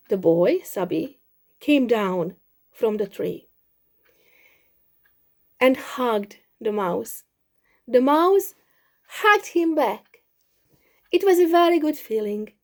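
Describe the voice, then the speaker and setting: A woman telling a simple story for English learners, slow and expressive with many repetitions. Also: fairly high pitch. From Hungary.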